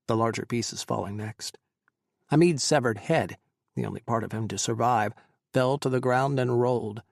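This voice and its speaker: A man narrating an audiobook in a measured, tense reading. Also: mid-range voice, gravelly, a little mellow, no echo, clean studio sound. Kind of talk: scripted narration.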